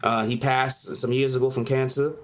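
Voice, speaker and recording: A man, talking at a middling pitch. He tells his story in a loose, rambling way, scattering "you know" everywhere. It sounds like a relaxed interview chat. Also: normal speed. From Charleston, South Carolina. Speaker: chef, interview guest.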